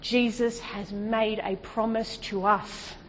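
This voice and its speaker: A woman preacher delivering an emphatic sermon, full of rhetorical questions and dropping to a hushed, lower voice at times. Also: little pitch movement, takes it slowly, slight background noise. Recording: dull sound with long hall reverb.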